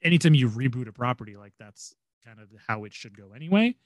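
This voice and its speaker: A man's voice: mid-range voice, lively intonation, quick pace, dry recording. A young man chatting casually as a podcast co-host, rambling with many fillers and restarts. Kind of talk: casual fan chat.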